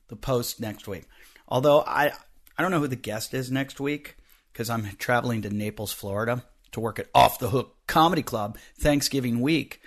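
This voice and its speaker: Stuffy-nosed rambling comedian host. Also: male voice, mid-range voice. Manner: rambling, joking, swings from loud to muttered asides. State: stuffy nose, a bit snotty. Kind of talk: casual podcast monologue.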